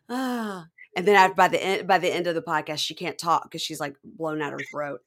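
Here a podcast co-host with a somewhat low voice talks briskly, barely pausing. In a casual reality-show recap, she gets animated and performs the voices of whoever she's quoting.

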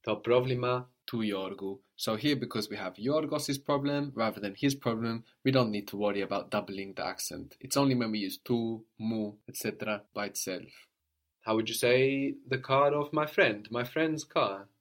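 A man's voice: medium pitch, moderate pace. A man teaching a language lesson, explaining points patiently and modeling phrases for a student to repeat.

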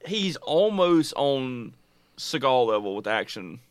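A man co-hosting a casual chat, joking in animated banter. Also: mid-range voice, slow pace, smooth, no room sound.

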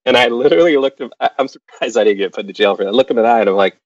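A man's voice: medium pitch, rapid-fire, no echo. A middle-aged man telling a personal anecdote to an audience, acting out the voices of the people in it. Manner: lively, acts out other people's lines. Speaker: storyteller. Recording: dull lo-fi recording.

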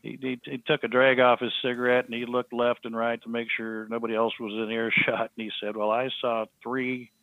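A man, a podcast guest, telling a story in a halting, earnest way with many restarts. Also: mid-range voice, monotone, no room sound. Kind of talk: storytelling in an interview. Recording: thin phone-like line, dry.

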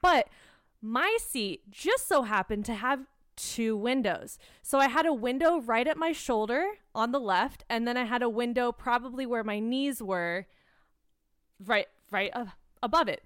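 A woman's voice: a little high, a little slow, clear, resonant tone, no echo, clean studio sound. A young woman telling an annoyed story in casual chat, swearing freely. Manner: swears a lot, animated storytelling.

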